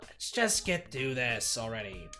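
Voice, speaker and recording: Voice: mid-range voice, big pitch swings, sharp tone, faint music behind, voice pushed down. A streamer doing a nasal, pompous theater man. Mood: indignant. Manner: angry, slow, pompous snapping. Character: hot-tempered middle-aged male theater director. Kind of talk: voicing a game character while reading aloud.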